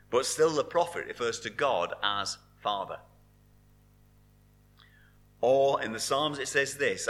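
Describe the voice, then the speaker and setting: A man preaching a sermon with a bright, forceful tone. His pitch rises and falls in a lively way. He speaks earnestly and sinks to a hushed hold on the words he wants to stress. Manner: earnest preaching, dropping to soft emphasis on key words.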